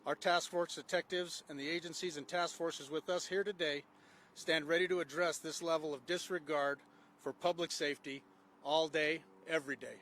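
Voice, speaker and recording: A man's voice: a little high, fairly even intonation, moderate pace, a bit bright. A man directing a gang unit, reading a prepared press conference statement with frequent "uh" fillers, outdoors with faint background noise.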